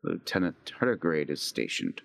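A man voicing a tall, stern male starship chaplain who speaks in a slow, formal, solemn way. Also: very deep voice, sing-song, vocal fry, a bit bright, pitched below the performer's own voice, full character voice.

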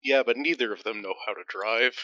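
A man's voice: medium pitch, a little fast, sharp tone, low-quality recording. A man taking part as a player in a casual tabletop game, joking around.

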